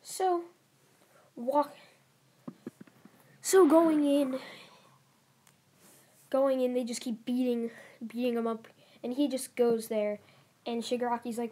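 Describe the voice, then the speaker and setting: A woman's voice: a little high, fairly even intonation, slow pace, pauses often, warm tone. A young woman narrating a fan story in a casual, rambling way, giggling and restarting often. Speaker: channel host.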